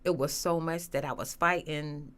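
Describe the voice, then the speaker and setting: A woman telling her personal story as a guest, earnest and halting, with many restarts and fillers. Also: low-pitched, steady tone. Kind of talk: emotional personal testimony.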